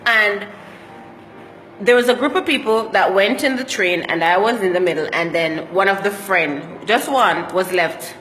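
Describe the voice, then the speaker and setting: A woman's voice: medium pitch, a little slow, fairly bright tone, in a large hall, a little hiss or hum. A Jamaican woman telling travel stories in a casual vlog, slipping into patois as she talks. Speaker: travel vlogger.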